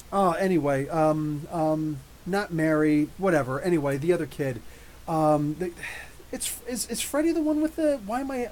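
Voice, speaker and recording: Male streamer, slightly higher voice, excitable and rambling, many restarts, live review chat. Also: slight background noise. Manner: reads and answers live chat comments. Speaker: YouTube comics channel host.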